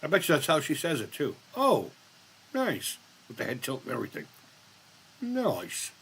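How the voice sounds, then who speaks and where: A man's voice: mid-range voice, rapid-fire, creaky, fairly bright tone, breathy edge. A man in his fifties hosting a casual live-stream chat, rambling, blunt and profane as he reads the chat. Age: 50s.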